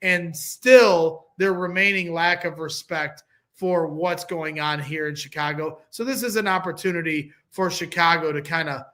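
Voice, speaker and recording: Man, sports podcast guest, emphatic, sharp bright tone. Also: on the high side, fairly even intonation, unhurried. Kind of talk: casual sports talk.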